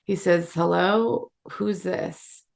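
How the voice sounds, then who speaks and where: A woman author giving a measured, low-key reading of her own short story. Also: steady tone, vocal fry, darkish tone. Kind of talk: literary reading, second person.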